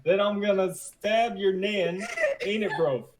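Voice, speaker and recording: A man putting on a clumsy London street accent as a fake tough guy, halting and laughing at himself. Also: high voice, a little hiss or hum, voice pushed up. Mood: sheepish. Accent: clumsy imitation of a London street accent. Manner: halting, self-mocking, laughing through it.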